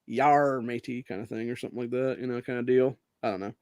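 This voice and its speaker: A podcast host from Ohio delivers a profane, casual monologue, ranting at length, swearing constantly and dropping "dude" and "bro" as he rambles from one gripe to the next. His mellow, middle-pitched voice holds a steady tone but races along. It's recorded close and dry, with no room sound.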